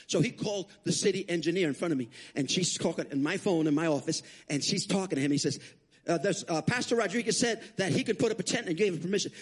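Fast-talking husky pastor preaching. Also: male voice, high voice. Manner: animated storytelling, acting out quoted voices, frequent stammered restarts. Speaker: guest pastor. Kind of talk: sermon.

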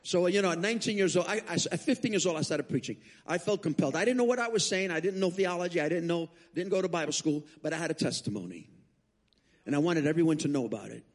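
A man preaching as a guest speaker, telling his testimony as an animated story with frequent restarts. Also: fairly high pitch, fast talker. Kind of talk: sermon testimony.

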